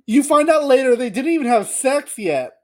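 A woman's voice: sits high, lively intonation, normal speed. A woman co-hosting a podcast in casual chat, blunt and joking, and she swears freely. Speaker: podcast co-host.

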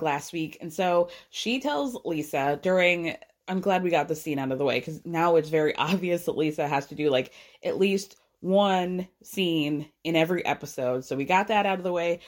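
A woman hosting a casual recap podcast, chatty and sarcastic, laughing often as she talks. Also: fairly low pitch. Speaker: podcast host recapping a reality show.

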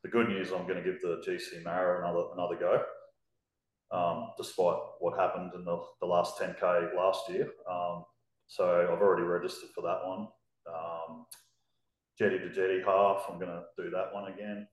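A man as a podcast guest, talking casually and hesitantly with many pauses and ums. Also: deep voice, little pitch movement. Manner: hesitant, lots of ums, matter-of-fact. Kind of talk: casual chat. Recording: echoey room.

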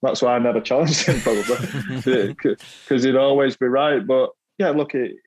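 Guesting on a podcast, a middle-aged Mancunian ex-footballer casually recounts self-deprecating stories from his playing days, laughing frequently and repeating words. He speaks at a moderate pace in a darkish, medium-pitched voice with fairly even intonation, on a low-quality recording with a little hiss or hum.

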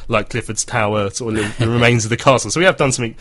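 A man in his thirties hosts a casual football podcast chat in a mid-range, slightly bright voice at a racing pace. He is chatty and laughs often while reading out listener messages.

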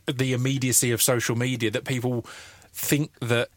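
A man's voice: mid-range voice, little pitch movement, normal speed, a little hiss or hum. A man hosting a podcast, chatting in a rambling, self-deprecating way with frequent restarts. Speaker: podcast host. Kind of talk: casual chat.

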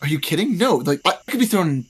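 A frightened stranger caught out after dark, put on by a man, stammering through every sentence. The voice rides noticeably higher than the man's own and comes out louder and more urgent, panicky and apologetic. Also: big pitch swings, fast, husky. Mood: nervous. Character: jittery frightened male stranger fleeing at night.

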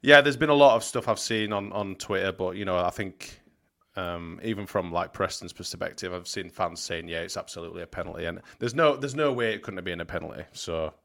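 Deep-voiced man. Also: fairly quick, gravelly, fairly bright tone. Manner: blunt, sweary, rambling. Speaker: podcast co-host. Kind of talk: casual football podcast chat.

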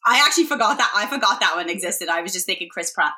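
An Irish woman in a casual podcast chat, telling stories in a lively, animated way with plenty of fillers. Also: mid-range voice, fast. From Ireland. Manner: chatty, animated storytelling with many fillers. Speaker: podcast guest.

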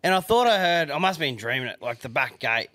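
A man's voice: a little high, very animated, fast, pushed and bright, dry recording. A man co-hosting a chat podcast, telling stories in an easygoing way. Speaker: podcast co-host. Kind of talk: casual chat.

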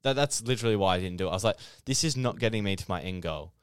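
A young adult man co-hosting a podcast, explaining his points in an earnest, fast, conversational way. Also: fairly low pitch, animated, clear, resonant tone, no room sound, studio quality. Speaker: podcast co-host. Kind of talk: casual podcast chat.

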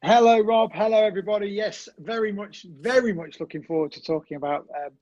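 High-voiced man, dull dry sound. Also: fast talker, a little mellow, no echo. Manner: jokey, teasing, easygoing. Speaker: podcast co-host. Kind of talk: casual podcast chat.

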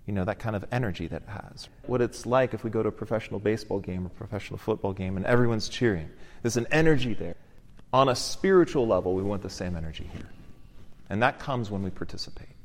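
A man, an Orthodox priest, explaining the liturgy to his congregation in a gently encouraging teaching sermon. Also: on the low side, fast. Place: church. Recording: long church reverb.

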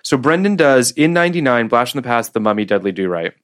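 A man's voice: mid-range voice, very animated, fast talker, a bit bright. A man co-hosting a casual film podcast, thinking aloud and hedging as he restarts his sentences. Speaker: podcast co-host. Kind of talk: casual chat.

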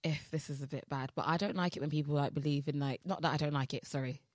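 Young woman, low-pitched, podcast co-host, loose rambling delivery full of fillers, dry sound. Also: steady tone, quick pace, darkish tone, no room sound. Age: young adult. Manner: rambling, many fillers and restarts. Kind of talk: casual chat.

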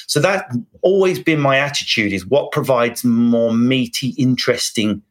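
A man's voice: medium pitch, normal speed. A middle-aged man, a comedian giving candid interview answers in wry, rambling anecdotes with self-mocking asides. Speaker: comedian guest.

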